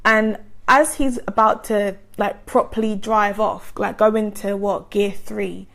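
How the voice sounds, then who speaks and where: A woman with a gentle voice, telling a personal story in a chatty vlog style full of likes and ums. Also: medium pitch, fairly even intonation, unhurried, vocal fry. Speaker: vlogger. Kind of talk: casual storytime monologue.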